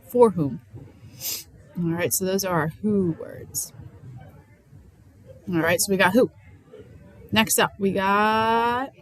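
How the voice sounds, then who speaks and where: A woman's voice: on the low side, rough recording. A woman teaching French question words in an upbeat, playful way. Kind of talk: lesson.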